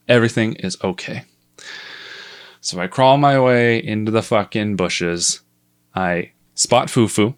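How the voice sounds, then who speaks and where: Young guy, lowish voice, casual self-mocking storyteller who swears a lot. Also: clear, resonant tone.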